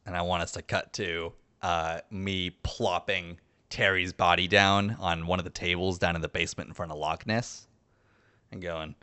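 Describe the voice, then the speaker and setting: A man playing a tabletop game, describing his character's actions with animated energy. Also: low voice, normal speed, clean tone. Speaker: player.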